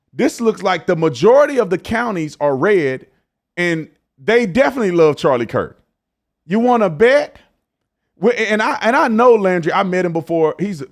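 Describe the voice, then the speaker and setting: Guy running his own commentary show, slangy and emphatic, gets worked up. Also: on the high side. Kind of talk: casual commentary.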